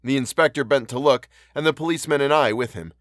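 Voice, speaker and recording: A man hosting a podcast and reading a horror story aloud in a measured, earnest way. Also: mid-range voice, fairly bright tone, no room sound, clean studio sound. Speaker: podcast host and audiobook narrator.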